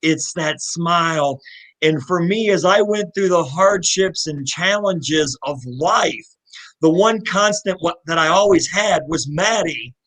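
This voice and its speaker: A man's voice: fairly high pitch, poor audio. A middle-aged man from Louisville telling his story as a guest, earnest and heartfelt, with many restarts. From Louisville, Kentucky. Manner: earnest, heartfelt, animated retelling with repeated restarts. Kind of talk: live interview storytelling.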